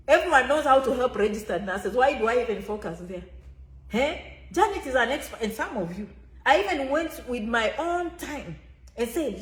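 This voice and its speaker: A woman's voice: on the high side, echoey room. A woman giving an emphatic, repetitive motivational talk to her viewers as an immigration consultant, often referring to herself by name.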